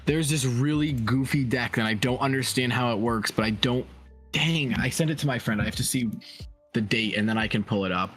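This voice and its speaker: A man's voice: mid-range voice, brisk, fairly bright tone. A man co-hosting a card game stream, chatting casually and rambling with a lot of "like". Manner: chatty, lots of "like", rambling stories. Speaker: stream co-host. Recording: faint music behind. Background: faint music.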